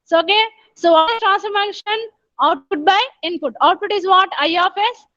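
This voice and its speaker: Very high-pitched woman lecturing. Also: moderate pace, bright, forceful tone, dry recording. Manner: explains step by step, repeats with frequent "okay". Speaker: engineering lecturer. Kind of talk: online lecture. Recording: dull, dry lo-fi recording.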